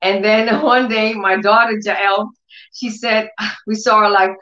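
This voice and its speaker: A woman giving an emotional sermon testimony. Her speech grows more intense as she moves into near-shouting proclamations. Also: medium pitch, fairly even intonation, measured pace. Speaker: testimony speaker. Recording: echoey room, dull lo-fi sound.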